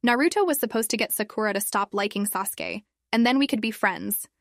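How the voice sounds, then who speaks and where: A blunt, dramatic teenage girl whose words tumble out in whiny, exasperated bursts, as a woman reads her out. The voice sits at a middling pitch and sounds close and dry. It belongs to a storybook-style reading. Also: a little fast, vocal fry, no room sound, natural voice. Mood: distraught.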